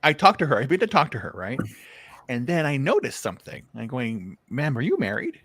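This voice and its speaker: A man's voice: mid-range voice, fast talker, a crowd in the background. A man chatting casually, telling a bar story with lots of restarts. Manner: animated storyteller, restarts a lot. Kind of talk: casual chat.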